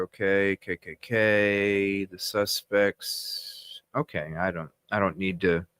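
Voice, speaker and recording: A man's voice: sits low, fairly bright tone, smooth, no echo, clean studio sound. A man hosting a live news stream, talking in agitated, indignant bursts that ramble with restarts.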